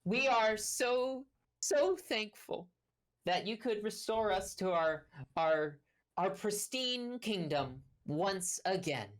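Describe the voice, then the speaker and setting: A woman voicing a panicky, excitable male gnome king with a shrill, frantic voice. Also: slow. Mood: grateful.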